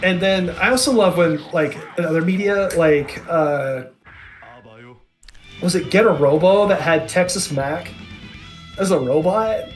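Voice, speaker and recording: A man's voice: high voice, measured pace, soft background music. A man in his thirties, a podcast co-host in casual chat, enthusiastic and rambling with many restarts. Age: 30s.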